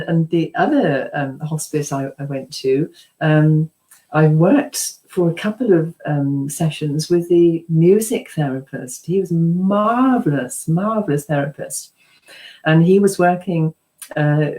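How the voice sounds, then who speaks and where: Woman, British accent, middle-aged, low pitch, dark mellow tone, chatty anecdotal interview guest. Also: low-quality recording. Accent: British English. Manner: chatty, warm storytelling with frequent ums and laughs; acts out quoted voices. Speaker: psychotherapist guest. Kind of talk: conversational anecdote telling.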